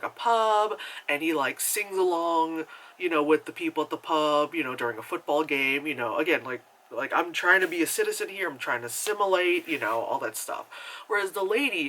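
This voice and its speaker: Rambling New man reviewing a film. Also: a little high. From New York. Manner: rambling, heavy on fillers; animated storyteller, acts out quotes. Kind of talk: casual movie review.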